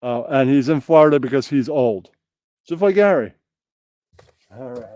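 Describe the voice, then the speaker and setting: A man's voice: medium pitch, lively intonation, normal speed, mellow, low-quality recording. A man hosting a comedy bit, narrating in an offhand, joking way.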